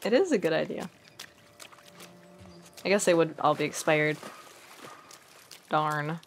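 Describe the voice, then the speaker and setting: A woman's voice: low-pitched, lively intonation, slow pace, slight background noise. A young woman giving casual, chatty let's-play commentary, giggling and poking fun at herself. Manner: chatty, giggly and self-deprecating. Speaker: gaming streamer.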